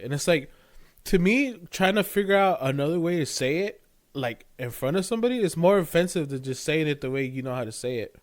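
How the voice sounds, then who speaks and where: A man's voice: medium pitch, animated, brisk. A man co-hosting a casual podcast chat, rambling and hunting for words, often laughing. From California. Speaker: podcast co-host.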